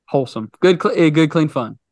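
A man's voice: a little high, lively intonation, a little fast, darkish tone, no echo. A young man on a casual podcast, telling a story and stumbling over and repeating his words. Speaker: podcast co-host.

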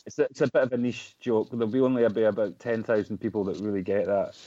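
A man's voice: on the low side, fairly even intonation, quick pace, mellow, dull audio. A Scottish man talking casually as a podcast guest, chatty and self-deprecating, often restarting his sentences. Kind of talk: casual chat.

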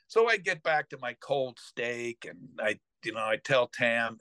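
A man's voice: mid-range voice, measured pace, few pauses, clean tone, no room sound. Middle-aged male host, casual rambling storyteller, dry close sound. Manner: rambling, full of fillers and restarts, animated retelling. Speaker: podcast host.

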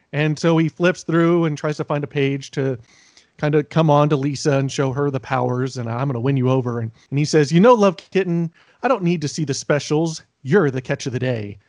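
An animated man chats casually as a podcast co-host and breaks into goofy character voices when he quotes the characters. His voice sits a little high for a man and is recorded close and dry, with no room sound. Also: dry recording. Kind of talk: casual chat recapping a TV episode.

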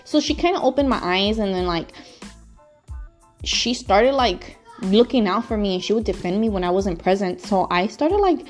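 A woman talks through a personal story on a podcast in a loose, heartfelt way, full of fillers and frank curse words. Her voice sits at an ordinary middle pitch. Soft music plays faintly behind her. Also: lively intonation, normal speed. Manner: emotional, frank, swears freely, lots of fillers. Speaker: podcast host telling her own story.

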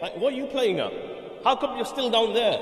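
A man's voice: very high voice, expressive, brisk, a bit bright, soft background music. A man voicing a boastful rich man who taunts a poorer friend with mocking questions, recorded in an echoey mosque hall.

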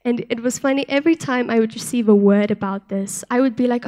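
Young woman, church speaker; soft-spoken, earnest testimony, somewhat high voice. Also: brisk. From South Africa. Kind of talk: sermon with personal testimony.

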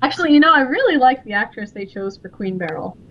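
A woman co-hosting a casual fan chat, animated and blunt. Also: high-pitched, fast talker. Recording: dull lo-fi audio.

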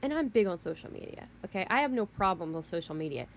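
A woman's voice: mid-range voice, expressive, fast talker, a little hiss or hum. Woman ranting in a rambling, emphatic way. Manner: emphatic, rambling, repeats herself. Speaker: vlogger. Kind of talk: ranting monologue.

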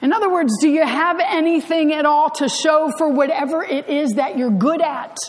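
High-voiced woman pastor preaching in a hall. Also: normal speed. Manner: conversational storytelling with dry humor. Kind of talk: sermon. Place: church sanctuary. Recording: church hall reverb.

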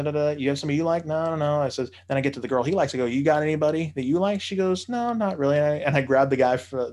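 A man telling a casual anecdote, animated, swearing freely and acting out the voices of the people he quotes. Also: fairly high pitch. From United States.

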